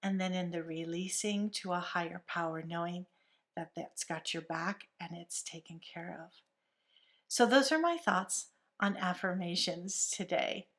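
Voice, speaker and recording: A woman hosting a wellness talk, speaking in a gentle, soothing way. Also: fairly low pitch. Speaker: host.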